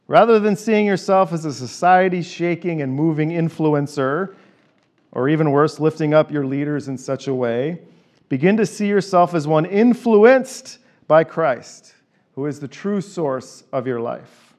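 A man with a slightly raised voice preaches to a congregation. He drives his points home through repetition, drops into quick, casual asides, then slows right down to stress key phrases. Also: fairly high pitch, a little mellow. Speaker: pastor. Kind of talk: sermon.

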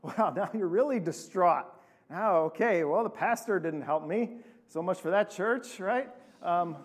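A man, a pastor, preaching a sermon and telling a story with lively acted-out voices. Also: high voice, unhurried. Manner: animated storytelling, acting out quoted voices.

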